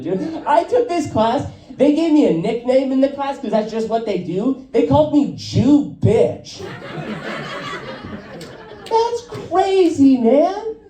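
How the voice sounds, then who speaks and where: A man doing a stand-up comedy set, telling profane, self-deprecating stories in a lively way. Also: extremely high pitch, far from the mic. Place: live comedy venue. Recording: roomy live sound, voice off-mic, crowd laughing. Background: audience laughter.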